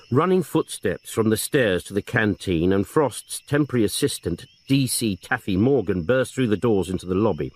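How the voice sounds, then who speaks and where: A man reading a crime novel aloud in scripted narration, with dry, expressive storytelling. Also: fairly low pitch, moderate pace, few pauses, husky, no echo. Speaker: reader.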